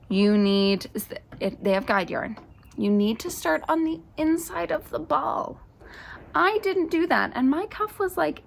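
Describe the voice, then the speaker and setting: Chatty woman with gravelly fry. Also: mid-range voice. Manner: chatty, enthusiastic, rambling with fillers. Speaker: knitting podcast host. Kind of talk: casual show-and-tell chat. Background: faint birdsong ambience.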